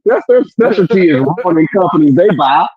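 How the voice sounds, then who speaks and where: A man's voice: sits high, animated, brisk. Blunt teasing man on lo-fi line. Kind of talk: casual tech chat.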